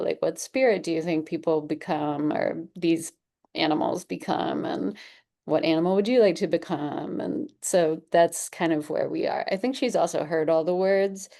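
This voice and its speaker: A woman's voice: deep voice, vocal fry, warm tone. A woman speaking on a panel as a parent with cancer, chatty and rambling with many fillers. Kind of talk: panel discussion.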